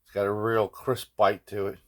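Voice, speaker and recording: A man's voice: fairly low pitch, level tone, moderate pace, a bit bright. An older man, narrating his guitar repair work in a joking, rambling way that keeps tagging lines with "man". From Philadelphia. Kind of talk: casual workshop narration.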